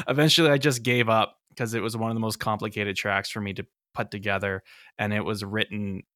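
Low-voiced, self-mocking podcast guest. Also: male voice, flat delivery, normal speed, fairly bright tone, dry recording, clean studio sound. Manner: self-mocking, jokey, theatrical. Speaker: podcast guest, game composer. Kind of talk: casual podcast chat. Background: music.

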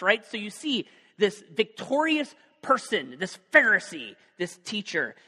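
A man preaching a sermon as pastor, talking in a conversational, joking way with lively asides. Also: high voice, in a large hall.

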